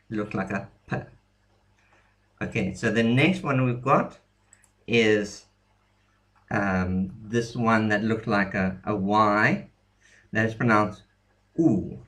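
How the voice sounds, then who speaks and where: A man's voice: fairly low pitch, slow pace, pauses often, fairly bright tone. A young man explaining an alphabet in a casual lesson, hesitant, with many ums and restarts. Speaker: language teacher.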